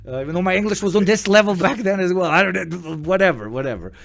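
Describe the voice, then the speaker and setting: Man, stream host, high-pitched, swears freely and tells stories with energy. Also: quick pace, creaky, a crowd in the background. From Eastern Europe. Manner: profane, animated storytelling. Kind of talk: casual chat.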